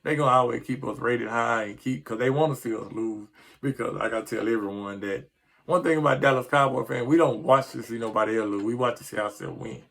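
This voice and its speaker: Man, middle-aged, gravelly voice, frustrated rambling sports rant, casual vlog. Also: medium pitch, brisk, fairly bright tone. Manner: frustrated, rambling, stumbles over words. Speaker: sports vlogger.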